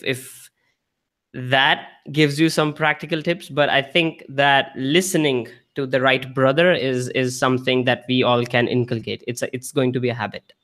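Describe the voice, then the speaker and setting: A man's voice: mid-range voice, fairly bright tone. A man hosting a casual live-stream chat, speaking hesitantly and often restarting his sentences. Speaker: host.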